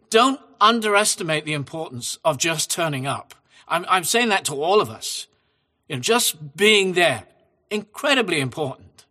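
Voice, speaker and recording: Male preacher, slightly high, bright voice, gentle and conversational, reads scripture to the congregation. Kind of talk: sermon with scripture reading.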